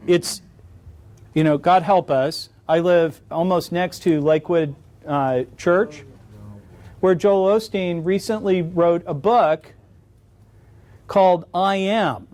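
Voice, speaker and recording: A man's voice: sits high, slow, long pauses, darkish tone. A middle-aged man answering questions at a conference, joking and telling wry anecdotes. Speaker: conference speaker. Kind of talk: lecture Q&A answer. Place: conference hall.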